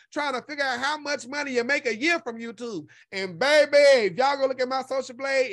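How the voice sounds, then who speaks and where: A man with a strikingly high voice talks in a sassy, profane and emphatic way, hammering his points home by repeating them. The sound is close and dry, with no room around it. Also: no room sound. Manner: animated storytelling with laughter. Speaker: YouTube content creator. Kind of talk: casual solo commentary.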